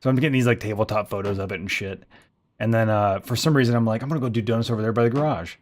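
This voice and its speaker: A man's voice: lowish voice, very fast. A man streaming a game live, telling rambling stories with lots of swearing and frequent laughter. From United States. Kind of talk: casual live-stream storytelling.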